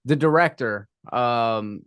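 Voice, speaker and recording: Male co-host, analytical and measured, smooth clear voice, dry close mic. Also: medium pitch, fairly bright tone, no echo. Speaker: podcast co-host. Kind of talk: casual podcast chat.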